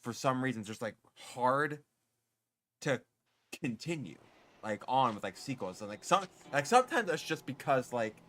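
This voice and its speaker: A man's voice: mid-range voice, very animated, moderate pace, fairly bright tone. A man streaming, chatting casually and rambling with lots of filler words. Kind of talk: casual gaming stream chat. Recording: game music under the voice. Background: music.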